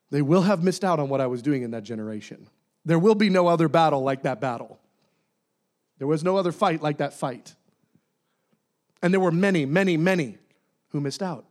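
A man preaching a sermon, animated, acting out voices and dropping to near-whispers for emphasis. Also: fairly high pitch, fairly quick, long pauses. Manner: dynamic, swinging from loud to soft near-whispers.

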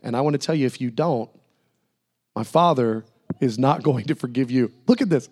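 A man's voice: mid-range voice, moderate pace, a little mellow. A man preaching a sermon in a church, acting out Bible figures in casual, playful voices. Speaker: pastor.

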